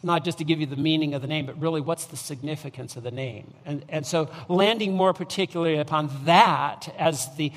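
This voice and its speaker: A man preaching a sermon, speaking deliberately with repeated restarts and rising emphasis on key phrases. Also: a little high, big-room sound. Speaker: pastor.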